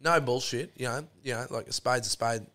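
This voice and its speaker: Swearing Australian bloke spinning yarns. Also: male voice, mid-range voice, a little fast, bright, forceful tone. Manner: rambling, heavy swearing, lots of fillers. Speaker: podcast guest. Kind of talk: casual storytelling chat.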